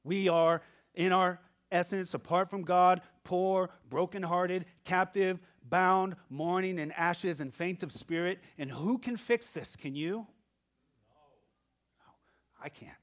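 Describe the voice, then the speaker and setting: A male pastor preaching a sermon, moving from quiet asides to loud emphatic passages and acting out quoted voices. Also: sits high, a little slow.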